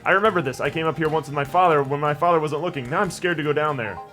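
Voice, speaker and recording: A man's voice: fairly high pitch, racing, bright, forceful tone. A young man hosting a let's play, chatting in a rambling, jokey way and reading game dialogue aloud. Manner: rambling, jokey, reads game text in voices. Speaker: gaming channel host. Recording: faint background game music.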